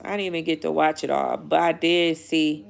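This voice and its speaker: A woman's voice: low voice, steady tone, normal speed, creaky. A young pregnant woman chatting casually to camera, blunt and swearing a lot, laughing often, and feeling sick. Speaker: vlogger.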